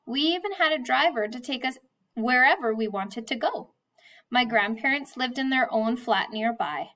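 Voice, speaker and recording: A woman teacher with a fairly high voice explains a class task step by step. She then reads a novel chapter aloud to her pupils, pausing on the odd word with small fillers. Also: a bit bright. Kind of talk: classroom lesson and read-aloud.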